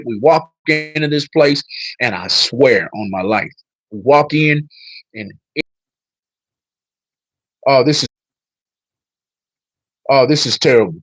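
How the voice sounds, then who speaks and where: A man's voice: a little high, breathy edge, no echo, poor audio. A man hosting a casual livestream, talking straight to his viewers and telling a story. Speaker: livestream host.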